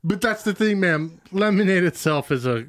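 A man's voice: high-pitched, animated, moderate pace, no room sound, studio quality. A man playing a flustered, eager-to-please chef in an improv comedy scene. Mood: defensive. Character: put-upon male kitchen chef.

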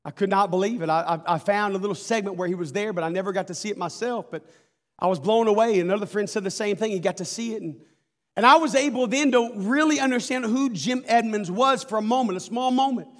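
A man preaching a sermon, telling a story with animated, folksy asides to the congregation. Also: sits high, fast talker, big-room sound. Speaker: pastor.

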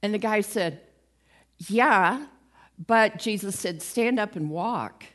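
Woman preaching in a lively storytelling way. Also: mid-range voice, normal speed. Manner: lively storytelling, acts out quoted voices, laughs at herself. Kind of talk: conversational sermon retelling Bible stories.

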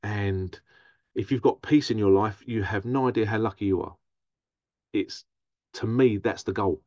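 A man's voice: lowish voice, moderate pace, darkish tone, no room sound, highs cut off. A man, a therapist, talking through a casual monologue, often mimicking other people in a raised voice. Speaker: therapist and podcast host.

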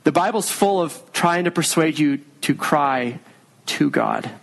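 A man preaching a sermon in an earnest, conversational way, now slowing down, now hurrying. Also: on the high side, animated, gravelly, fairly bright tone, rough recording. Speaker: pastor.

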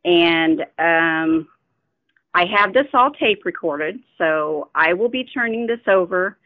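A woman speaks slowly and haltingly over a tinny phone line, her voice a little low. She sounds accusing and insistent, and the sound is dry and close. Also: lively intonation, no room sound. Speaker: caller. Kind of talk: phone complaint.

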